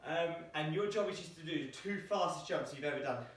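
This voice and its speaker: Here a man whose voice sits on the high side teaches an exercise session from a small room at home, briskly calling out each jump as he does it and running short of breath. The room is echoey and the mic is placed far away.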